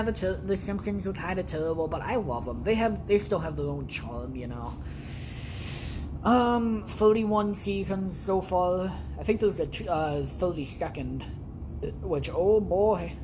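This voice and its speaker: High-voiced and recorded against a noisy background, a young man hosts a podcast from his home basement, telling rambling, casual stories full of blunt, heavy swearing.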